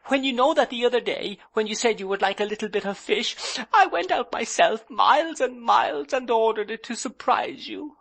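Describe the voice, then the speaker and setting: A man reading an audiobook, voicing a childish, pleading young wife who sobs and coaxes in a much higher voice. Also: normal speed, creaky, few pauses, a bit bright, exaggerated voice. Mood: tearful. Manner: pleading, sobbing, coaxing.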